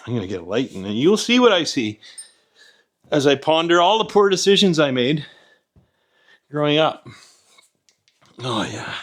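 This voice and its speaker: A Canadian home mechanic lies under an old vehicle in his garage, talking in a fairly high voice over background noise. His casual workshop vlog is rambling, jokey and self-mocking, and he mutters as he works, captured by a camera set up nearby.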